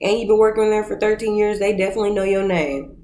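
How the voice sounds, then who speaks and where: Animated woman recapping in a roomy echo. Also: medium pitch, quick pace. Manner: animated, acts out scenes in voices, laughs. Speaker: reality TV recap vlogger. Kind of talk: casual recap commentary.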